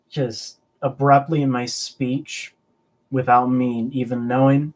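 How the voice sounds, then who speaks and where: Speaking slowly in a mid-range voice with little pitch movement, a man hosts an easygoing collectibles live stream. He jokes and rambles through viewer chat.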